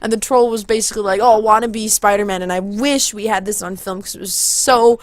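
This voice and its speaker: A young woman telling a story in a casual vlog, excited and rambling, often backtracking to fix the order of events. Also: mid-range voice, a little fast, no room sound. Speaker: vlogger.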